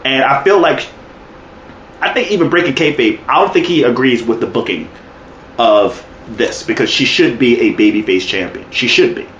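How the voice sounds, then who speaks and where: A man's voice: medium pitch, lively intonation, normal speed, fairly bright tone, echoey room, highs cut off, slight background noise. A man co-hosting a wrestling podcast in casual chat, talking profanely and acting out quotes with laughs. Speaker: podcast co-host.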